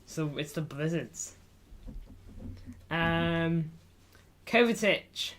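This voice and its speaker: A man's voice: a little high, animated, drawn-out words, fairly bright tone. A man streaming live about football in a casual, jokey way, reading viewers' messages aloud and calling them lad, in front of a green screen indoors. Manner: chatty, jokey, reads chat aloud, calls viewers lad.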